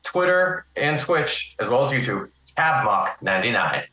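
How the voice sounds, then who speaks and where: A man chatting as a guest on a live panel stream, laying out his points calmly. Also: mid-range voice, normal speed, reverberant, crowd noise, poor audio. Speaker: guest YouTuber. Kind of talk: casual panel chat.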